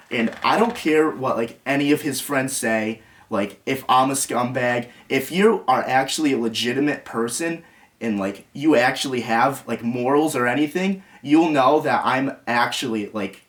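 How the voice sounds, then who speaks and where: Young man, vlogger, agitated retelling, rambling, restarts, middle pitch. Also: expressive, normal speed, fairly bright tone, distant mic. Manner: rambling, restarts often, quotes others. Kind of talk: agitated storytelling to camera.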